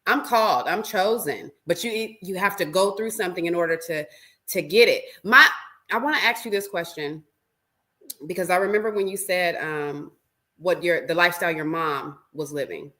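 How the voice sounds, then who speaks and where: A woman's voice: fairly low pitch, moderate pace, pushed and bright. A woman hosting a podcast over a video call, often breaking in to agree with her guest. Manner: affirming, frequent agreeing interjections. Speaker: podcast host. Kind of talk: casual interview.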